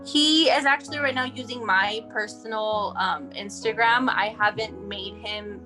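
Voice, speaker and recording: Woman from Texas, interview guest, rambling and chatty, mid pitch, faint guitar under her. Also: a little slow, bright, forceful tone. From El Paso, Texas. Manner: rambling, chatty, many fillers. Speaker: guest, mother of a sick child. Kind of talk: casual interview.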